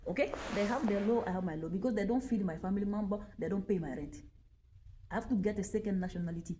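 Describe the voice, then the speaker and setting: A woman's voice: mid-range voice, fast, noisy background. A woman in her forties from Mali, speaking. She talks casually to the camera, repeating her points for emphasis and often checking in with "okay?". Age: 40s. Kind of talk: casual personal talk to camera.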